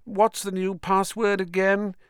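A man's voice: sits high, monotone, measured pace, clear, resonant tone, dry recording, studio quality, pitched above the performer's own voice. Brief: man doing an arrogant, drawling teen snob for an audiobook. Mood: sneering. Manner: drawling, sneering. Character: sneering arrogant teenage boy bully.

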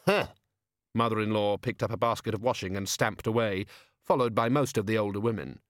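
A man's voice: lowish voice, fairly even intonation, brisk, no room sound. A man reading a novel aloud in a dry, wry manner. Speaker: narrator. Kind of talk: audiobook narration.

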